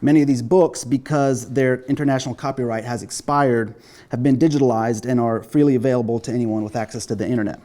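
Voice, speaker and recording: Mellow-voiced man giving a lecture. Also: mid-range voice, steady tone. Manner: measured, self-deprecating, frequent "uh" fillers. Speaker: lecturer, pathologist. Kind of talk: academic lecture.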